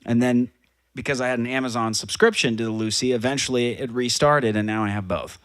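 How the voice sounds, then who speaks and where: An easygoing man chatting as a musician guest on a podcast. His mid-pitched voice comes through on a dry, close mic. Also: brisk, a bit bright, clear, resonant tone, no echo. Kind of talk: casual chat.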